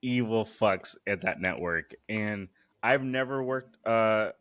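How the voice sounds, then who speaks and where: A man's voice: lowish voice, slow, a bit bright. A young man co-hosting a podcast, laid-back and rambling, laughing often as he tells stories. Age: young adult. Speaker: podcast co-host. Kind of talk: casual podcast banter.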